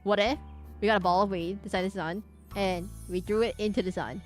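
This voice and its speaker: A woman's voice: medium pitch, steady tone, brisk, soft background music, natural voice. A woman voicing a laid-back stoner teen guy in a game read-through, drawling and sheepish. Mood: dopey.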